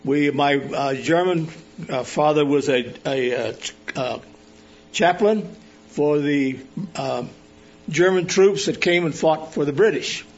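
An older man from Arizona, a police chaplain, preaching a sermon at a church service with personal stories, pausing often with fillers and restarts. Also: fairly high pitch. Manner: halting, many filler sounds and restarts. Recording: dull lo-fi recording.

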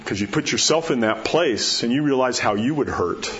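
Man preacher, folksy storyteller, sinks to hushed tones for emphasis, a little muffled with faint room hum. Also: mid-range voice, animated, normal speed. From New Mexico. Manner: folksy storytelling, drops to a soft hush at key words. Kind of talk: sermon.

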